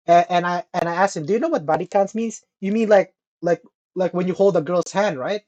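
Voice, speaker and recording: Male podcast co-host, lively storyteller who swears a lot and acts out his quotes. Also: sits high, fairly quick. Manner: animated, profane, mimics people in quotes. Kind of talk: casual storytelling chat.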